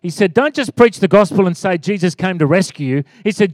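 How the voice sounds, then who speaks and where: Animated high-voiced pastor. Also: male voice, fast, few pauses, no echo, studio quality. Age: 40s. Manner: animated, rising to loud exclaims and calls for amen. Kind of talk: sermon.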